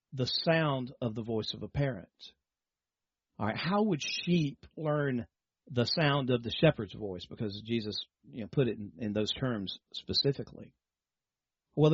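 A man preaches in a husky, breathy voice, explaining patiently and tossing rhetorical questions to the congregation. The sound is dry and a little dull, as if recorded on modest gear close to the mic. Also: mid-range voice, dry recording. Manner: teaching, repeats words, asks rhetorical questions. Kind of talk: sermon.

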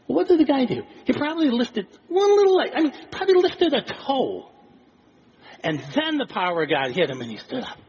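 A male pastor preaching a sermon, animated and acting out little scenes of dialogue. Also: sits high, brisk, husky. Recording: dull lo-fi recording with faint noise.

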